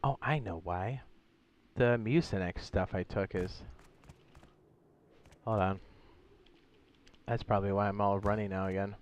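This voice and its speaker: Raspy sick man streaming a game. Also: on the low side, steady tone, a little slow, long pauses, muffled recording. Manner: clears his throat often, rambling and thinking aloud. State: sick and hoarse. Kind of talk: casual live-stream commentary.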